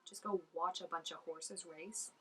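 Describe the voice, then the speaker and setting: A woman giving casual, excitable reaction commentary, full of "like" and dropping into soft asides. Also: lowish voice, measured pace, slightly rough, far from the mic, poor audio. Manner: chatty and excitable, peppered with "like", drops to soft asides. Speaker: reaction video host.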